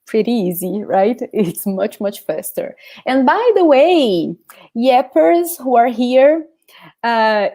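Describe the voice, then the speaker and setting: A woman from Brazil with a Brazilian Portuguese accent, teaching a live online lesson, greeting viewers by name and explaining slowly. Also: a little high, mellow. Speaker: language teacher.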